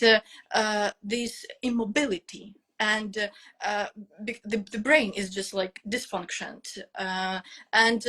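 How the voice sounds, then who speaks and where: A woman with a Ukrainian accent speaks English as a second language on a live phone video interview. Her voice sits fairly high, and she searches for words with frequent fillers and false starts. There is a raw, emotional openness in how she talks. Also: sharp tone. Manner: hesitant, many fillers and restarts. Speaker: guest teacher. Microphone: phone on a live video call.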